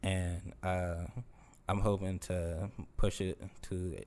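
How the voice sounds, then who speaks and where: A young man, a rapper, talking casually in an interview in a laid-back, unhurried way, with many pauses. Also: sits low, flat delivery, darkish tone. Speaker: rapper guest.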